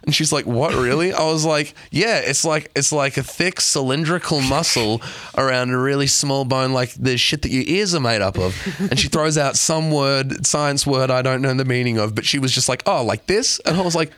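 A man's voice: mid-range voice, moderate pace, a bit bright, dry recording. A man, a podcast co-host, telling crude stories in casual chat and laughing a lot.

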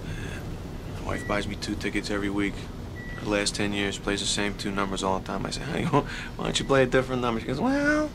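An actor playing a wisecracking, tough, middle-aged New York cop in a film clip, chattering fast in a bluff before he snaps into shouted commands. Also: fairly low pitch, lively intonation, gravelly. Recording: film clip with street and traffic noise.

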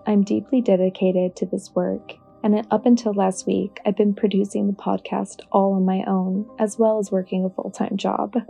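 Flat, dark-voiced woman hosting a podcast. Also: medium pitch, normal speed, creaky, hardly any pauses, slightly rough, faint music behind. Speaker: podcast host. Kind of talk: scripted podcast outro.

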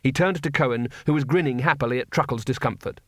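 A man narrating an audiobook in a measured, wry storytelling manner. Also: medium pitch, fairly bright tone, dry recording, studio quality.

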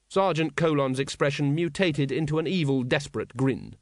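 A man reading an audiobook aloud in a measured, dry way. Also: on the high side, no echo. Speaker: audiobook narrator. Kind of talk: scripted audiobook narration.

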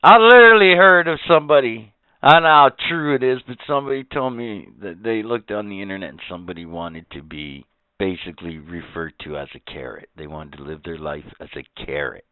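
A man's voice: fairly low pitch, a little fast, clean tone, no room sound. A man co-hosting a casual podcast chat, ranting and swearing as he gets worked up. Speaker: podcast co-host. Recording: tinny phone-like sound, dry.

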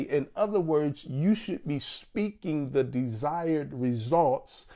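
A man in his fifties preaching a sermon as a guest pastor, with emphatic swings and slow stressed phrases. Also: fairly high pitch, lively intonation, warm tone. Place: church.

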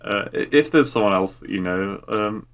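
A low-voiced man co-hosts a podcast in easygoing conversation. He talks hesitantly and leans on "uh" and "um" while he finds his words. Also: expressive, normal speed. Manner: hesitant, lots of "uh" and "um". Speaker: podcast co-host. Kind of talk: casual chat.

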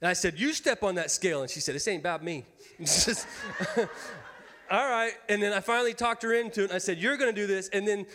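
Joking pastor in his thirties, high voice. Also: brisk, pushed and bright, slight background noise. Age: 30s. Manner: folksy, joking with the congregation. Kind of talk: sermon. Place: church sanctuary. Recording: long hall reverb.

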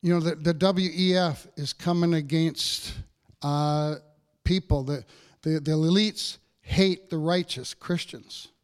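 A man's voice: on the high side, steady tone, takes it slowly, clear, resonant tone. A man preaching a sermon as pastor, in a conversational style with frequent checks with the congregation.

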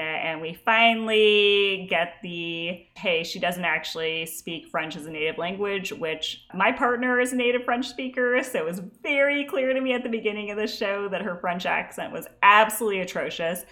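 A woman's voice: medium pitch, fairly bright tone. A woman with a mid-range voice shares firm opinions on a podcast. She lays out her points plainly and speaks with confidence. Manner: opinionated and direct. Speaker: podcast co-host. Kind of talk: casual chat about a TV show.

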